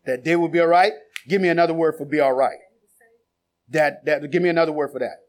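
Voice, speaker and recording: A man a sermon, quizzing the congregation and then building to shouted exhortation. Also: fairly high pitch, quick pace. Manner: builds from conversational questioning to shouted preaching. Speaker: preacher. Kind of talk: sermon with congregation call-and-response.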